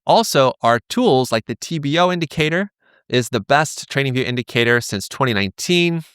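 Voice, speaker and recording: A man's voice: medium pitch, expressive, fairly quick, fairly bright tone, smooth, no room sound, clean studio sound. A man hosting a crypto trading channel, talking casually through charts with rambling, self-deprecating, joking asides. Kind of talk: casual chart-analysis vlog.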